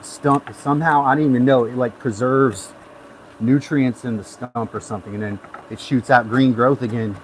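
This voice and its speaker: A man's voice: medium pitch, steady tone, moderate pace, a little hiss or hum, rough recording. Easygoing man hosting a live stream. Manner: rambling, easygoing, gives hands-on tips. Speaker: livestream host. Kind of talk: casual live-stream chat.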